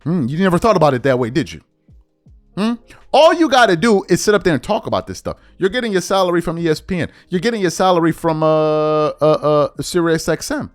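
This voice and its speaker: Animated, high-pitched emphatic man. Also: a little fast, no room sound, faint music behind. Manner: emphatic, slangy, mocking impressions. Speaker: commentary host. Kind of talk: opinion commentary.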